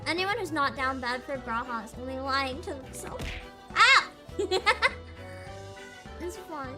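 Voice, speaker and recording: An excitable woman streamer reacting to a video game, very high-pitched and lively, laughing and swearing freely. Music plays clearly behind her voice. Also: a little slow, long pauses. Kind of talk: casual gaming livestream commentary.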